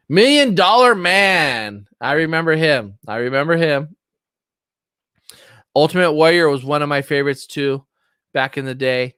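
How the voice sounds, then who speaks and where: A middle-aged man hosting a casual livestream chat, excitable and rambling as he reminisces. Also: on the high side, clean tone, dry recording, studio quality. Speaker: livestream host. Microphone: streaming setup, close mic.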